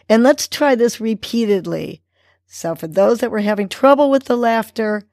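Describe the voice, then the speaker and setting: A woman hosting a podcast, calmly guiding listeners through breathing exercises and affirmations. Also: on the high side, dry recording, clean studio sound. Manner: slow, calm guiding delivery. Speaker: podcast host.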